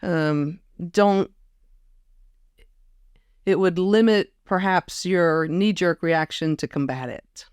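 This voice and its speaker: A woman's voice: lowish voice, takes it slowly, pauses often, a little mellow, smooth, no echo, studio quality. A woman guest in a casual conversation, reflective and storytelling, often quoting others. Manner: reflective storyteller, quotes others with put-on voices. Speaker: podcast guest.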